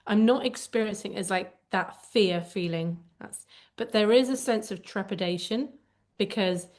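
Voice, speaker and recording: A woman's voice: mid-range voice, moderate pace, darkish tone. A woman co-hosting a conversational podcast, speaking candidly and reflectively as she searches for the right words. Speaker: podcast co-host.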